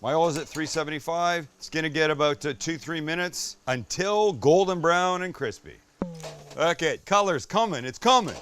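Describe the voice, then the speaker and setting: A man hosting a casual cooking demonstration, excitable and chatty, swearing when delighted and talking straight to the viewer. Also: fairly high pitch, normal speed, clean tone. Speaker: cooking show host.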